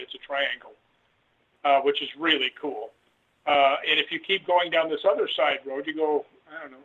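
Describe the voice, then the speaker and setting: A man on a tinny phone line tells a rambling story with lively quoted dialogue. His voice is husky and sits a little high. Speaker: guest author. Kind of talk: casual storytelling interview. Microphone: phone call.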